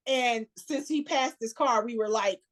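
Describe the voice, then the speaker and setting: A woman's voice: a little high, unhurried. A woman with a Chicago accent, a podcast guest, telling a story casually, acting out quotes and laughing often. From United States.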